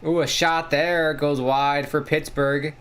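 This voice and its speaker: A man hosting a casual live watchalong, calling the play-by-play excitedly and swearing casually. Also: takes it slowly, smooth. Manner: excitable, jumps pitch on big plays, swears casually. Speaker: watchalong host.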